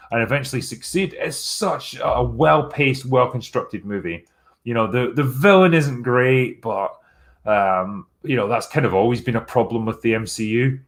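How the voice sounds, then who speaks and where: A man hosting a live stream, chatting casually through viewer messages in a blunt, sarcastic way with plenty of swearing. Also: mid-range voice.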